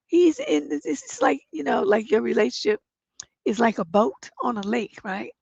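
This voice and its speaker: A woman's voice: on the high side, animated, normal speed, creaky, a little mellow, slightly rough, no echo. A middle-aged woman hosting a relationship advice livestream, sounding congested, who reads viewer letters aloud and then gives blunt, profane advice. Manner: blunt, profane, gets emphatic when giving advice. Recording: dull lo-fi stream audio.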